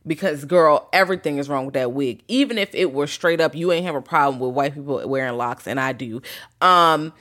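A man's voice: a little high, fairly quick, sharp tone. A man co-hosting a podcast, animatedly retelling movie scenes with profane commentary. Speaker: podcast co-host. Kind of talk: casual movie-review chat.

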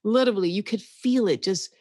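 A woman from New York, a psychotherapist guest on a podcast, telling a personal story in an animated, candid way and laughing easily. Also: mid-range voice, brisk, no echo, clean studio sound. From New York, United States.

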